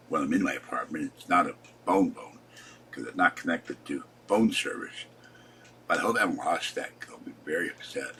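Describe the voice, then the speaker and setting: A man's voice: low-pitched, a bit bright, a little hiss or hum. A man in his seventies, tired and upset, rambling through a casual vlog and complaining as he trails off. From Pittsburgh. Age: 70s. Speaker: vlogger.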